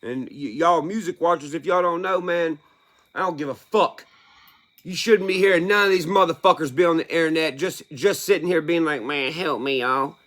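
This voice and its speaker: High-pitched cussing country man ranting. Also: brisk, fairly bright tone. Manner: blunt, heated, heavy swearing. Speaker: country music artist ranting on camera. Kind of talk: profane opinion rant.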